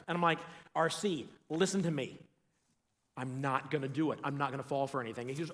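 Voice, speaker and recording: A man with a somewhat high voice tells a comic story in a casual, animated way. He acts out the other people's lines and breaks into laughter often. He is recorded in a large, empty church auditorium with a long reverb. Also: fast. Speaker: church show co-host.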